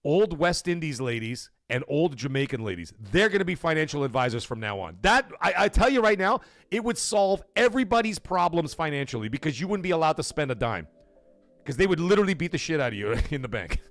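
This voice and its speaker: A man hosting a gaming livestream, ranting in a casual, animated way with big jumps in pitch and loud bursts, swearing freely. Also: fairly quick, no echo, clean studio sound.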